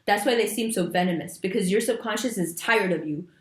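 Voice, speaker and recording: A woman giving a monthly astrology reading, talking straight to her viewers in an animated, emphatic way with casual slang. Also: mid-range voice, fairly quick, echoey room. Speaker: astrology reader. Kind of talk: monthly horoscope reading to camera.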